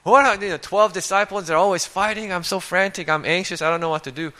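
A preacher acting out a frantic, panicking man in a hurried, high-pitched voice during a sermon aside. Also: bright, forceful tone.

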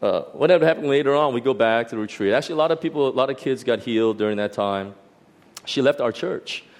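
A middle-aged man preaching, telling a personal story from the pulpit. He talks in an animated, halting way, restarting his sentences and filling gaps with fillers. His pitch sits in the middle for a man. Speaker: pastor. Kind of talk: sermon testimony.

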